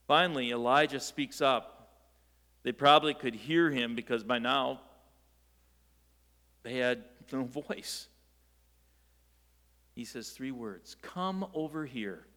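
A man preaching a sermon, telling the story in a lively way with rhetorical questions and light jokes. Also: mid-range voice, in a large hall. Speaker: pastor.

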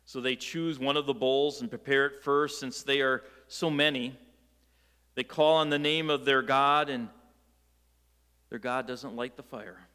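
A man preaching a sermon, telling the story in a lively way with rhetorical questions and light jokes. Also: medium pitch, a little slow, smooth, big-room sound. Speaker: pastor.

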